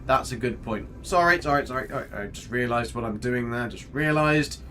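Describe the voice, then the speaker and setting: Streaming a game, a man keeps up casual commentary, cracking jokes, wandering off on tangents, and reading chat messages aloud to respond. He has a bright, forceful mid-range voice at a moderate pace, with a little hiss or hum on the recording and faint music behind him.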